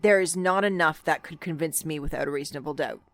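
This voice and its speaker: An earnest woman co-hosting a casual true-crime podcast. Her voice is slightly low, and she often repeats words as she starts a thought. The sound is close and dry. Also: quick pace, no room sound. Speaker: podcast co-host.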